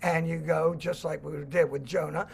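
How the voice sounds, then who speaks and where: A man telling a children's story and explaining it, animated and acting out the voices. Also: a little high, normal speed, creaky, slightly rough. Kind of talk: storytelling talk.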